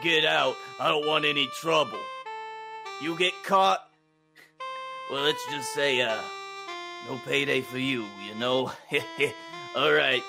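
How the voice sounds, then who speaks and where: A man voicing a male mafia boss who gives quiet, businesslike threats. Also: mid-range voice, fairly even intonation, slow, vocal fry, long pauses, over music. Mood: quietly menacing.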